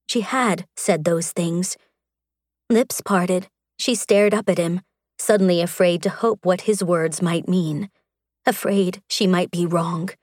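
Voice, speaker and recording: Low-voiced woman narrating an audiobook. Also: unhurried, a little mellow, no room sound, studio quality. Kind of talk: scripted romance audiobook narration.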